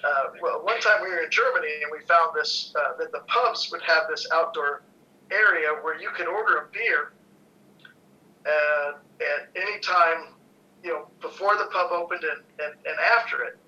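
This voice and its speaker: A man who runs a brewery, chatting casually on a company podcast, relaxed and halting with fillers. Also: fairly high pitch. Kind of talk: casual chat. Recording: dull lo-fi sound.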